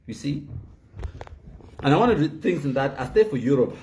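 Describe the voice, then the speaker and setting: A Cameroonian man with a Cameroonian Pidgin English accent hosts casual banter in a slightly high, somewhat mellow voice, animated and a little fast. He brags, pokes fun, and laughs at his own jokes over slight background noise.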